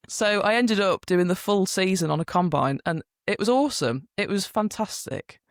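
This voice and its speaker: Woman, young adult, UK, podcast co-host, gravelly edge, dry studio. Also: medium pitch, moderate pace, few pauses, no echo. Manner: lively storytelling, acts out quotes. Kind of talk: casual chat.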